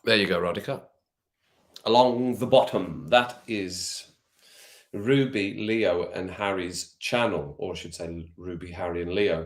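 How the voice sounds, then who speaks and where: Chatty man with a low voice. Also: steady tone, a little slow. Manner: chatty, addresses chat viewers by name, laughs often. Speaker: streamer hosting a football watch-along. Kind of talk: casual live-stream chat with viewers. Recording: roomy echo.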